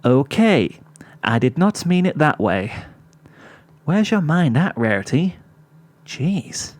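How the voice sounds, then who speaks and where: A man's voice: a little high, sing-song, slow pace, no room sound, pitched above the performer's own voice. A man reading a fan story, voicing a young unicorn filly who is dry and put-upon. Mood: sarcastic. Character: sarcastic young unicorn filly, shopkeeper sister.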